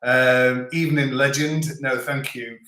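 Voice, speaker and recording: Male live-chat host, medium pitch, chatty and joking, echoey home room. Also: fairly even intonation, unhurried, noisy background. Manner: chatty, rambling, joking, many restarts. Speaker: livestream host. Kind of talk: casual live chat reading viewer comments.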